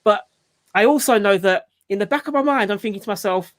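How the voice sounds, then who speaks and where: This channel host, also a dad, leads a laid-back group video call, his talk wandering and full of false starts and "you know." He has a high, somewhat bright voice and speaks a little fast.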